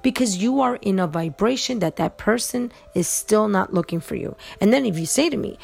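Gravelly-voiced woman, insistent podcast host. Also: mid-range voice, animated, moderate pace, hardly any pauses, darkish tone, soft background music. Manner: earnest, insistent and repetitive. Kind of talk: motivational monologue. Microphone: podcast microphone.

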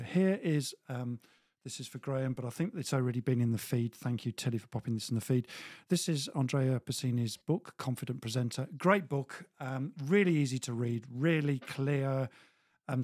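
A man hosts a livestream interview, encouraging his guest with short affirmations. His voice is husky and breathy. The sound is dry and close. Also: medium pitch, darkish tone, no echo. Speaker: livestream host.

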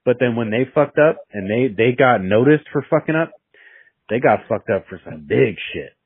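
A man's voice: mid-range voice, lively intonation, moderate pace, husky, dry recording. A young man casually telling a story with heavy swearing, rambling and restarting his sentences, heard over a dry, tinny, phone-like recording.

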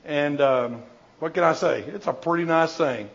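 Older man telling stories with a rambling, jokey warmth. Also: a little high, moderate pace, creaky, lo-fi sound. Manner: animated anecdotal storyteller, jokey, rambling with restarts. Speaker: missionary answering audience questions. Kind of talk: informal Q&A talk with storytelling.

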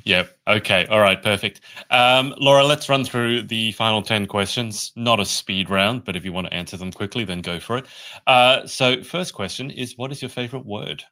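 A man hosting a podcast interview, friendly and measured as he asks questions. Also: lowish voice, sharp tone. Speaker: podcast host.

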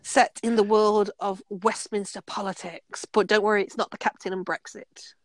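A woman chatting casually as a podcast co-host, full of enthusiasm and quick to laugh. Her voice sits in an everyday middle register. The recording is close and dry. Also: mid-range voice, fairly even intonation, no room sound. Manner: enthusiastic, playful, laughs often. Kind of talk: casual chat.

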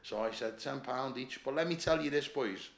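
Gravelly Liverpool man telling door stories. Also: mid-range voice, moderate pace, roomy sound. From Liverpool, England. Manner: swearing, animated, laughing while telling stories. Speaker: podcast guest, former doorman. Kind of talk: casual storytelling chat.

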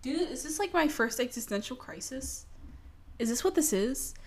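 A woman's voice: high voice, lively intonation, moderate pace. A young adult woman ranting casually to her audience, swearing freely and self-mocking with dramatic flair. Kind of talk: casual rant to camera.

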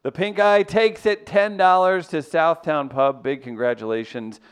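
A man's voice: fairly high pitch, unhurried, clear, resonant tone. A man hosting a radio talk segment, joking around and bantering with co-hosts. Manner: joking, puts on mock voices. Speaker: radio show host.

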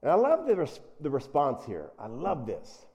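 A male preacher with a fairly high voice that leaps up and down as he teaches. He is animated and acts out the people in the story he tells. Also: moderate pace. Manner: animated, acts out characters in quotes. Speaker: pastor. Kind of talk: sermon.

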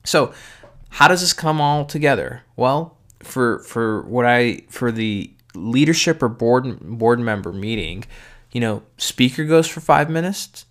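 A man delivers practical advice in an informal talk, moving through a numbered list of tips. His delivery is loose and conversational, dotted with "you know" and quick self-corrections, and he stresses the points that matter most. His voice sits at an ordinary middle pitch. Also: lively intonation, fairly bright tone. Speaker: speaker giving communication advice.

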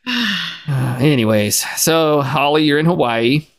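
A man in his forties co-hosting a casual podcast, relaxed and quick to laugh while going over listener poll answers. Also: a little high, creaky. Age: 40s. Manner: easygoing, laughs often, reads out listener poll results. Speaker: podcast co-host. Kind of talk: casual chat.

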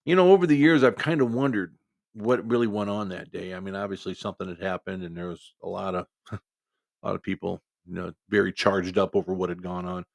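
A man's voice: sits low, fairly even intonation, brisk, vocal fry, no echo, studio quality. A man with a cold, telling a personal story in a rambling, folksy way as a podcast host. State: has a cold. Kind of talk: casual storytelling.

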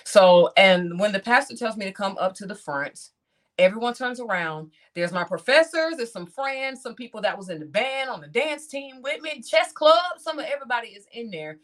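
A woman in her thirties, speaking, tells a personal testimony in animated style and acts out her own reactions as she talks to the audience. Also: a little high, moderate pace. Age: 30s. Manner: talks straight to the audience, calls them "y'all".

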